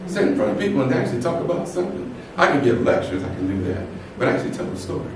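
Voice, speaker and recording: A man closes a storytelling evening with a chatty, animated anecdote, laughing and playing the people he quotes. His voice is fairly high and swings widely. He is picked up from far off in an echoey hall with faint noise. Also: a little fast. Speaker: host of a storytelling event. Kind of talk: casual closing remarks and personal anecdote. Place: event hall with live audience.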